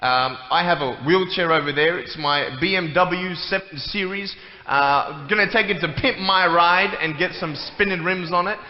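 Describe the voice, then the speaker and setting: A man's voice: sits high, moderate pace. A man giving a playful, joking talk to a church audience. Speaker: guest speaker. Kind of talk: humorous stage talk. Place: church hall. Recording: echoey hall, muffled, faint noise.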